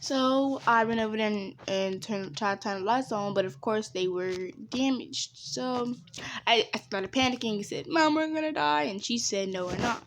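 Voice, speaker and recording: A woman's voice: medium pitch, moderate pace, slight background noise. Rambling woman telling a story time. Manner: rambling, chatty storytelling with game asides. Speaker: gaming storyteller. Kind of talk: casual story time while playing a game.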